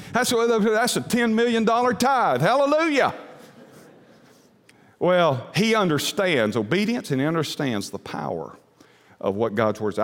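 A male pastor delivering a folksy sermon in a church, with frequent fillers and restarts. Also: a little high. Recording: long hall reverb.

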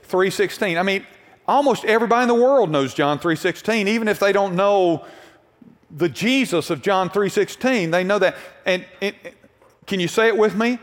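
A middle-aged male pastor preaching in a church sanctuary, his slightly high voice carried by a long hall reverb. He talks to the congregation as if chatting and keeps asking them questions. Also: moderate pace. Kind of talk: sermon.

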